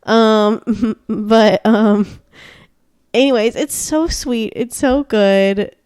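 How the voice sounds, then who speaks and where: A woman's voice: fairly high pitch, steady tone, extremely slow, darkish tone, clear, resonant tone, no room sound, clean studio sound. Gushing chatty woman podcast host. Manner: gushing, chatty, rambling with many fillers. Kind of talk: casual chat.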